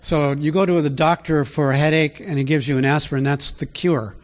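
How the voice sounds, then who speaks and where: A man preaching a conversational Bible teaching, asking rhetorical questions and rising in pitch to stress his points. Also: steady tone, fairly quick. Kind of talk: sermon teaching.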